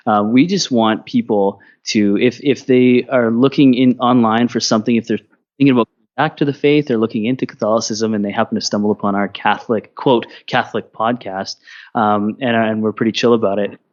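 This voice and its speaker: A Canadian man speaking as a podcast guest, relaxed and rambling with many restarts. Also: medium pitch, brisk, highs cut off. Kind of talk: casual interview.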